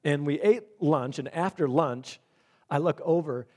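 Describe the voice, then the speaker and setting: Animated male pastor telling stories. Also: a little high, unhurried. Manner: animated storyteller acting out quoted dialogue. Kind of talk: sermon with storytelling.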